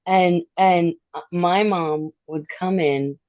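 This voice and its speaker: A woman with a slightly low voice who reminisces earnestly and halts often with fillers. The sound is a little dull and completely dry. She speaks in a casual chat among friends. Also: steady tone, darkish tone, no echo. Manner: earnest, halting with many fillers. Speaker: guest. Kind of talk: casual chat, personal memories.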